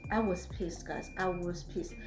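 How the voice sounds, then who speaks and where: A young woman with a Nigerian accent, telling a storytime vlog in an animated, exasperated way. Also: on the low side, unhurried. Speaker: vlogger. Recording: echoey room, faint music.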